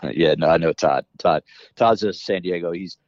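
Very deep-voiced man, rambling guest. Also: unhurried, darkish tone, no room sound, highs cut off. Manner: rambling, frequent restarts. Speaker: podcast guest, fitness educator. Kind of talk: casual interview conversation.

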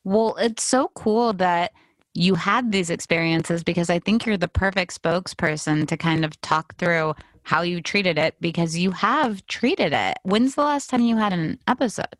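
A woman's voice: on the low side, moderate pace, no echo. A woman hosting an interview, supportive and full of short backchannel replies. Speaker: interview host. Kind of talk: conversational interview.

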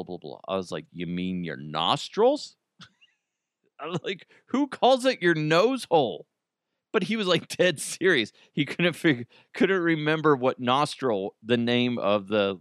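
A man's voice: mid-range voice, no room sound, clean studio sound. A man in his thirties, a podcast host, telling stories in a casual, joking monologue and laughing often.

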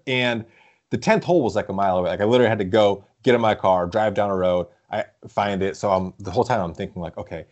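Young male co-host, slightly low voice, casual rambling storyteller with laughs. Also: fast talker, a little mellow. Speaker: podcast co-host. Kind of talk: casual chat.

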